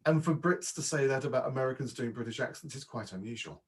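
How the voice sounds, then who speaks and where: A man with a slightly husky, breathy voice, chatting loosely as a guest on a podcast. He is a voice and dialect coach and often restarts his sentences mid-thought. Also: medium pitch, fast talker. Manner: chatty, with frequent false starts and repeats. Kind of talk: casual interview chat.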